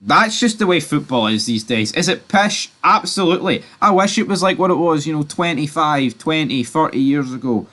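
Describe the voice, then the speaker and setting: Sweary football vlogger. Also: male voice, fairly high pitch, expressive, normal speed, few pauses, fairly bright tone. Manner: sweary, fired-up, talks in bursts. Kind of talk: ranting reaction vlog.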